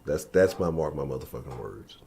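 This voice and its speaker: A man's voice: rumbling low, lively intonation, fairly quick, vocal fry, dark tone, slight background noise. A man hosting his sports channel in a casual live-stream chat from his home office, profane and loose.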